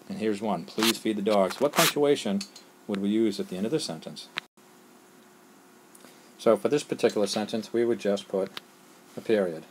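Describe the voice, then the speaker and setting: A man's voice: lowish voice, very noisy. A man teaching a lesson on a screencast, explaining step by step with patience and often asking "all right?".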